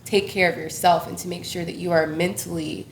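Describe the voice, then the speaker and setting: A woman's voice: fairly low pitch, steady tone, a little fast, a little hiss or hum. A young woman speaking as an interview guest, open and reflective, with easy laughs and plenty of fillers. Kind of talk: candid personal conversation. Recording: roomy echo.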